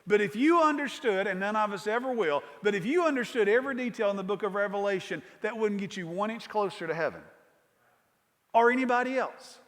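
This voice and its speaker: High-voiced preacher in a reverberant hall. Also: male voice, animated. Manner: reads scripture, then explains it with questions to the congregation; swings from loud emphasis to hushed, slow delivery. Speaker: pastor. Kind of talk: expository sermon. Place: church sanctuary.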